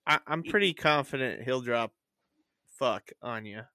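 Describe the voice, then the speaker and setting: Laid-back man with a bright tone. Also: medium pitch, measured pace, clean tone, no room sound, studio quality. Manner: laid-back, short agreeing replies. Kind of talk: casual chat.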